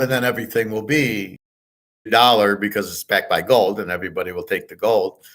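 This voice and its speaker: Middle-aged guy ranting on his livestream, swears a lot, blunt, medium pitch. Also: a bit bright. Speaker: host of a live show. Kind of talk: ranting live stream monologue.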